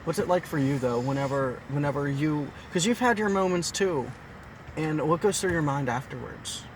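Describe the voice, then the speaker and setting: There's a little hiss or hum under this fairly high-pitched male voice, which moves at a normal speed. He hosts a laid-back video conversation with his partner, joking at his own expense and repeating phrases to get his points across.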